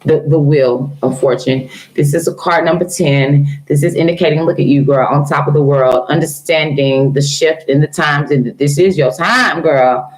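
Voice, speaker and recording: A woman's voice: sits low, moderate pace, darkish tone, soft background music, low-quality recording. A woman giving a casual live-stream tarot reading, speaking affectionately to her viewers with features. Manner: affectionate, calls viewers girl and honey. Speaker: tarot reader.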